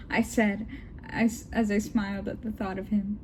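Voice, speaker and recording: A woman's voice: mid-range voice, level tone, normal speed, a little mellow, a little hiss or hum. A young woman reading fanfiction aloud with giggly, joking asides. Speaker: vlogger.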